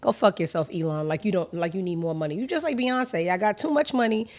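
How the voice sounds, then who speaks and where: A woman hosting her own show in a crude, sassy comedic monologue that swings from low mutters to loud outbursts. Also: fast talker. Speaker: show host.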